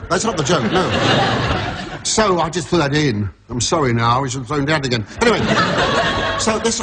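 A man telling a long joke story, hoarse from laryngitis, rambling and chuckling at his own lines. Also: mid-range voice, background noise. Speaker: comedian.

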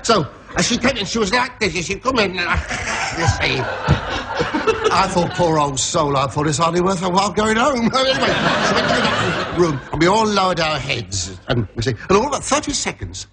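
Man, hoarse, stand-up storyteller, laughs at own jokes, animated, higher voice. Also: normal speed, very noisy. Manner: rambling, chuckling at his own jokes. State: hoarse from laryngitis. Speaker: comedian. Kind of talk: stand-up joke telling.

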